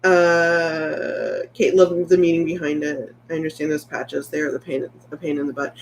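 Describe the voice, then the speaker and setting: In a low-pitched voice with fairly even intonation and normal speed, a late-30s woman vlogger chats on a casual livestream, reading her viewers' comments. She's rambling, candid and heartfelt, and there's slight background noise.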